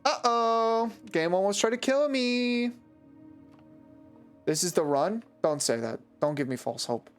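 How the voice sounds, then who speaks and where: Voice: medium pitch, expressive, measured pace, smooth, soft background music. A video game streamer giving casual, joking live-stream commentary while teasing the chat.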